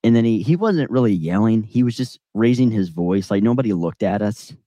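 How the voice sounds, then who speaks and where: A man's voice: lowish voice, lively intonation, a little fast, dark tone, dry recording, clean studio sound. A young man on a podcast telling a long casual story, rambling with lots of fillers and acting out the people in it. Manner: rambling, filler-heavy, acts out quoted voices. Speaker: podcast co-host. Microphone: on-camera podcast mic.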